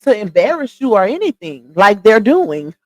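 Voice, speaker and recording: A woman's voice: mid-range voice, big pitch swings, normal speed, no echo. A woman hosting a casual livestream, chatting straight to her viewers and laughing often. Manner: laughs often while talking. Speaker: livestream host.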